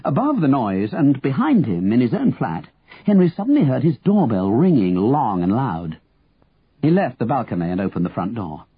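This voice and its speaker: A man reading a story aloud with expressive, lively storytelling. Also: medium pitch, moderate pace, breathy edge, dry recording, narrow, tinny audio. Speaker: narrator.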